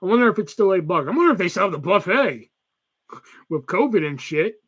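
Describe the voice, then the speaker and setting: A man's voice: high-pitched, sing-song, fairly quick, a bit bright, slightly rough, muffled recording. A young man, chatting casually and swearing freely on a live stream while reading chat messages aloud. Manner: profane, rambling, reads chat aloud. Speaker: livestream host.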